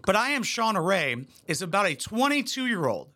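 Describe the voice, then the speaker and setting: A man rants through a crude comedy reaction, sarcastic and full of swearing. His voice is bright and edgy, sitting a bit high for a man and swooping all over as he mocks what he watches. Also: sing-song, normal speed. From United States. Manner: profane, sarcastic, mocking. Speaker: commentary YouTuber.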